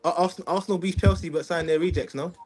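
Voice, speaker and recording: A man's voice: high voice, fairly even intonation, very fast, a little mellow. A man on a fan call-in, cutting in and teasing the others. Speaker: caller.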